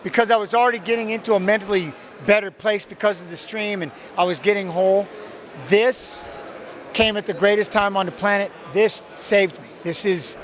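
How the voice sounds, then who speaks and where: A middle-aged man telling an emotional story as an interview guest, acting out his own quotes, outdoors. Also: high-pitched. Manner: animated, acts out his own quotes, swears. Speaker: interview guest, retired fighter.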